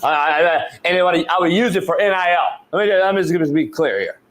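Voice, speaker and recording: A middle-aged man hosting a sports talk show, telling a story in a casual, animated way, swearing often and stumbling over repeated words. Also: a little high, a little fast. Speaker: show host, football coach.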